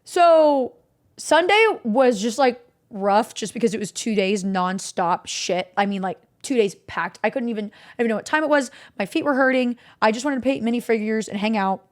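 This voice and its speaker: A young woman streamer chatting to her audience with a slightly high voice. She rambles through a story, leaning on "like" at every turn and swearing casually. Her tone stays candid and unguarded. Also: normal speed. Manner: rambling, filler-heavy talk with lots of "like".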